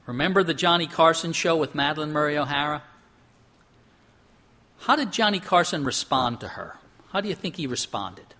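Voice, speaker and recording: A middle-aged pastor delivers a sermon in a clear, bright voice that sits a little high for a man. He talks earnestly, pushing up in pitch for emphasis and sinking to a hush on solemn points. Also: lively intonation, normal speed, pauses often.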